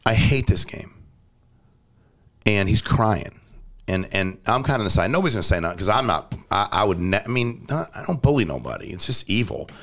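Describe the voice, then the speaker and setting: A man in casual conversation as a podcast guest, blunt and direct, telling stories and pushing his point hard. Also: a little fast. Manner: blunt, animated, jumps pitch for emphasis. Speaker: company CEO, podcast guest. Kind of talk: casual storytelling chat.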